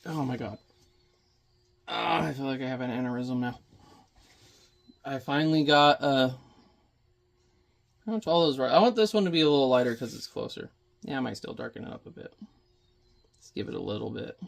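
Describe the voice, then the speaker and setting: Man, gravelly voice, casual painting vlog, rambles, mutters to himself while working. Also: medium pitch, normal speed, long pauses. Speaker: watercolor painting vlogger.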